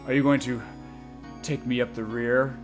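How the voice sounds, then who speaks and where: A man voicing a cold, haughty male rival prosecutor with a low, brooding, scornful drawl. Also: level tone, normal speed, soft background music, close to an everyday voice. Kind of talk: comedic let's-play voice acting.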